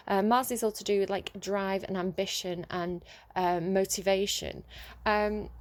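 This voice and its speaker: A young woman talks through a casual tarot vlog. She rambles from one thought to the next, giggling often and filling pauses with ums and likes. Her voice sits at an ordinary middle pitch for a woman. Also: darkish tone. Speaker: tarot reader.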